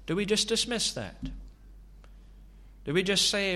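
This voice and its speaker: A man preaching a sermon, asking slow, searching rhetorical questions. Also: sits high, animated, pushed and bright.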